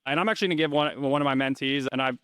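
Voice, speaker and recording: Guest in his 30s; casual, rambling talker; smooth tone, dry close recording. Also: mid-range voice, very fast, fairly bright tone, dry recording. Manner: rambling, filler-heavy, restarts often. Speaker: interview guest, rental investor. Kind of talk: casual interview chat.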